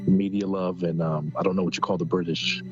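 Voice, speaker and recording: A man co-hosting in casual chat, agreeing in a halting, laid-back way. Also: low voice, flat delivery. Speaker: co-host. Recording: muffled lo-fi with music behind.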